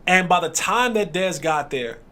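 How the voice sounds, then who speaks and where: Male podcast host, fairly high voice, relaxed casual chat, quick asides. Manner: laid-back, quick asides, laughs along. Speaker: podcast host, former NFL player.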